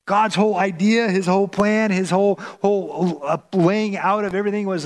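A man's voice: high voice, fairly even intonation, moderate pace, few pauses. A male pastor preaching a sermon in a conversational way, often repeating and restarting words.

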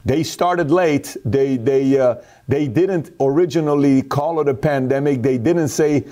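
Man, mellow tone, forceful opinionated talk-show delivery. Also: mid-range voice, unhurried, few pauses. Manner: emphatic, storytelling with acted quotes.

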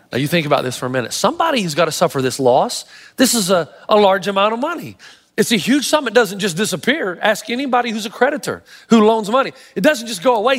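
High-voiced pastor preaching in a hall. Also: male voice. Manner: animated storytelling, emphatic. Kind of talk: sermon. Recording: long hall reverb.

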